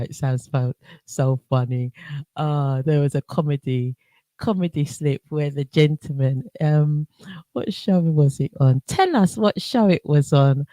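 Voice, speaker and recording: A woman's voice: low voice, unhurried, dark tone, dry recording. A woman hosting a radio show, chatting casually in a playful, giggly way.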